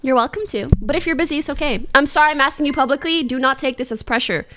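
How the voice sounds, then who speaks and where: A young adult woman talks fast in a high, slightly bright voice while chatting casually with her livestream viewers. She's giggly and slangy and laughs often.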